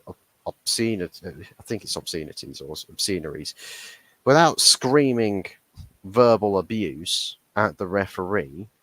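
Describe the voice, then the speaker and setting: A man's voice: fairly low pitch, fairly bright tone, dry recording, low-quality recording. A young man hosting a football reaction stream, ranting and swearing about the referee. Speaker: football fan channel host. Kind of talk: heated match reaction stream.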